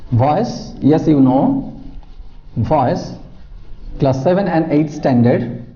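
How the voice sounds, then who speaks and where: A man teaching English grammar, repeating each example slowly and explaining in plain, patient steps. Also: on the high side, expressive, dark tone, muffled recording. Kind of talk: slow classroom-style grammar lesson. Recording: roomy echo with music behind. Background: new-age music.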